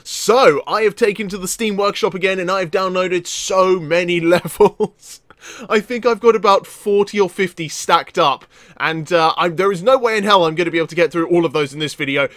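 A man giving excitable let's play commentary, often laughing and shouting at enemies. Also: high-pitched, moderate pace, dry recording. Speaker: gaming YouTuber.

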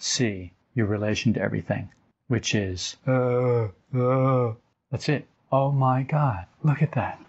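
An older man giving an informal spiritual talk as a teacher, telling stories and acting out quotes with his voice jumping higher. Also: slightly rough. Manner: animated storytelling, acts out quotes with rising pitch. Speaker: esoteric teacher. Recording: dull lo-fi recording.

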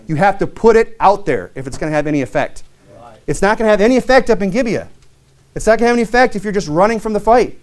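A man's voice: lively intonation, fast. A man, a pastor, preaching a sermon in a plainspoken, earnest way with many conversational fillers. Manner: reads King James scripture aloud, rising in pitch on key verses.

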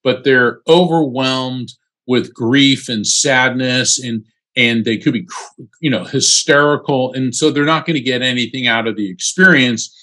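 A man, a psychic medium and attorney, talking as an interview guest in a casual, animated storytelling way with frequent um fillers. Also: mid-range voice, unhurried.

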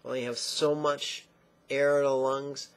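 Male meditation teacher, unhurried delivery, gravelly edge, calm with dry humor. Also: medium pitch. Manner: slow, calm, with playful asides and long intoned chanting. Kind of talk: guided meditation lesson.

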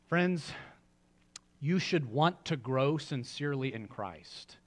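A man's voice: fairly high pitch, expressive, moderate pace. A male pastor preaching a sermon in a church, in a conversational style with joking asides to the congregation. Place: church sanctuary.

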